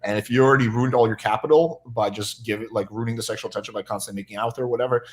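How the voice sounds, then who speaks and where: A man's voice: lowish voice, fairly even intonation, racing. A man on a panel talking things through thoughtfully, with lots of "uh" and "like". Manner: thoughtful, hedging with fillers. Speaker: panel guest. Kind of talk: casual panel talk.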